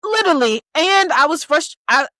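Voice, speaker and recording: Animated woman podcast co-host. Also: sits high, moderate pace, no echo. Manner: animated, acts out quotes, gasps and laughs. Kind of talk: casual book review chat.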